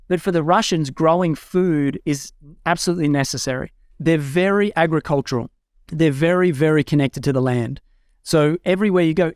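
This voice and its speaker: A young adult man with a slightly high voice chats casually and eagerly as a guest, full of fillers and restarts. He's at home in a rural eco-village, recorded dry and at studio quality.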